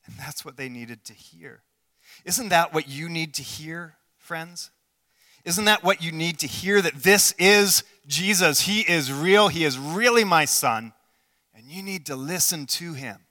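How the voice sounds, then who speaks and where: A man preaching with a bright, forceful voice that sits a little high for a man. He is earnest, asks his listeners direct questions, and moves between loud and hushed passages. The sound carries a long hall reverb. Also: lively intonation, unhurried. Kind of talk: sermon.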